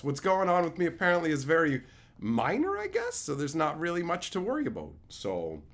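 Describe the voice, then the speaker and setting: A man from Canada chatting casually on his livestream, loopy after sedation, with animated, profane ranting. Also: a little high. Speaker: streamer.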